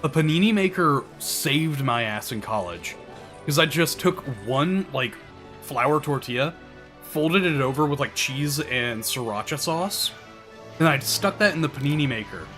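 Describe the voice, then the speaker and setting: This game streamer is a man whose voice is a little high and fairly bright, with lively intonation and a slightly slow pace. He chats casually, explains tactics to viewers, and swears now and then. Game music plays behind him.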